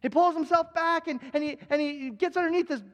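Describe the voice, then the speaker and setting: A man's voice: very high-pitched, a little fast. A male pastor preaching a live sermon, earnest, repeating key phrases for emphasis and often restarting his sentences. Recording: long reverb of a large hall.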